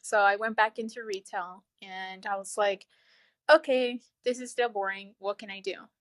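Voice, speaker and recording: Woman in her thirties, casual storytelling, animated, laughs a lot, dry close sound. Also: normal speed, no room sound. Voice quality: low, flat-sounding voice she calls sad over the phone. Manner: animated, laughs often, acts out her own thoughts. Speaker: guest telling her story.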